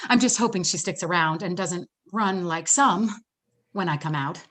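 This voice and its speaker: A woman's voice: on the low side, normal speed, fairly bright tone. A woman with an American accent reading a shy but talkative young American woman in a live play reading, rambling and self-deprecating. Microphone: video call.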